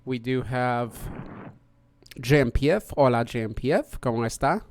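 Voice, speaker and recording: A man's voice: mid-range voice, moderate pace, slight background noise. A man hosting a podcast, chatting casually and greeting each guest in turn. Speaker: podcast host. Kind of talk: casual hosted chat.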